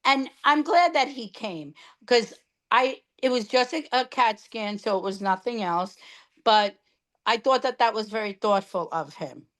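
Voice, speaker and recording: A woman's voice: a little high, unhurried. A middle-aged woman from New York, a guest in a casual chat, telling her story about cancer treatment and acting out the dialogue in it.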